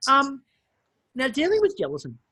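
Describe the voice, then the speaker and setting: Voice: high voice, moderate pace, dry recording. A podcast co-host, chatting casually and jokingly retelling scenes from a baking show. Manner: animated, jokey, retells scenes in quoted voices. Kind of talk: casual chat.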